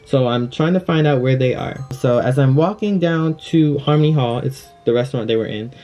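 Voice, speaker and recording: A young man telling a personal story in a casual, chatty storytime, packed with fillers and animated retelling. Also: medium pitch, brisk, soft background music. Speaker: vlogger.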